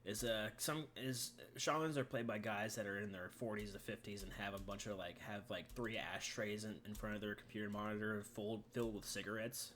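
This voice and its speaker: A man's voice: on the low side, steady tone, background noise. A man co-hosting a casual gaming podcast, rambling and swearing freely. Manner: profane, rambling, quick reactions. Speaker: podcast co-host.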